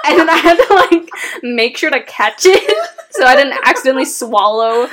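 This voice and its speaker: A woman's voice: high-pitched, moderate pace, crowd noise. A young woman chatting casually with her sister, telling a childhood story with lots of laughter. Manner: animated, laughs while telling stories. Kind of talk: casual chat.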